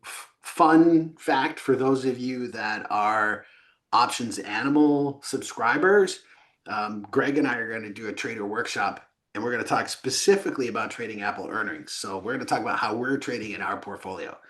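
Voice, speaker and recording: Animated storytelling male trading podcast host. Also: medium pitch, moderate pace. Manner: animated storyteller, lively asides. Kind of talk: casual podcast chat.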